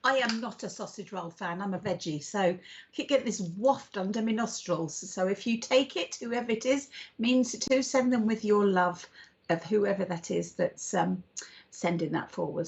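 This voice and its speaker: A woman's voice: mid-range voice, normal speed, gravelly. Bubbly British woman co-hosting a stream. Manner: bubbly, affectionate, calls people darling. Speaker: psychic co-host. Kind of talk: live-stream chat greeting viewers. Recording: dull lo-fi stream audio.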